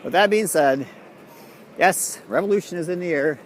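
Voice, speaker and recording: A man's voice: fairly high pitch, normal speed, a little hiss or hum. A man walking outdoors along a city street, delivering a profane, conspiratorial rambling monologue. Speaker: street vlogger.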